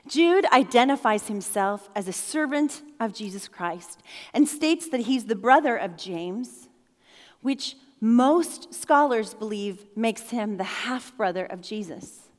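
A woman's voice: on the high side, animated, takes it slowly, in a large hall. A middle-aged woman pastor giving a sermon in a playful, conversational way, laughing often.

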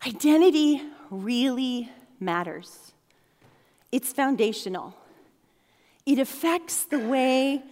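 A woman's voice: sits high, a little mellow, long reverb tail. A middle-aged woman pastor giving a sermon in a playful, conversational way, laughing often.

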